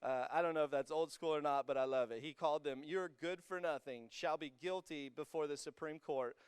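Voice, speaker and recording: A young man preaching to a student congregation, energetic and joking with the crowd, rising to emphatic peaks as he reads scripture. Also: fairly high pitch, fairly quick, clear, resonant tone, no echo, clean studio sound. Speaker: youth pastor. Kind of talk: sermon. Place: church hall with a student congregation.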